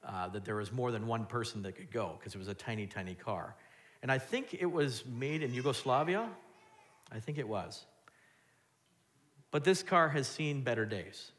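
A male pastor with a medium-pitched, animated voice preaches a sermon at a moderate pace. He alternates between loud, emphatic lines and quiet asides, raising his voice to act out the people he quotes.

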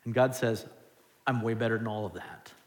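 A man preaching a sermon as pastor, animated, swinging between loud and hushed. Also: on the low side, moderate pace. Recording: long hall reverb.

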